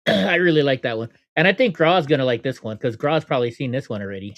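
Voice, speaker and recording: A man's voice: mid-range voice, a little fast. A middle-aged man hosting a casual reaction commentary, mumbling and tossing off sarcastic asides. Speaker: commentary channel host.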